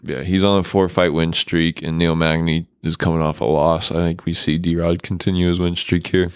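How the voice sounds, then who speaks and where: A man's voice: low voice, little pitch movement, moderate pace, clean tone. A man co-hosting a sports podcast, answering in short, laid-back replies. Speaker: podcast co-host. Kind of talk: casual sports chat.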